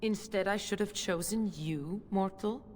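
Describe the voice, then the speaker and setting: A woman's voice: medium pitch, a little slow, darkish tone, big-room sound, slight background noise, close to an everyday voice. A woman voicing a haughty witch baroness. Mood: imperious. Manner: arrogant, mocking, imperious. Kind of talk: video game voice acting.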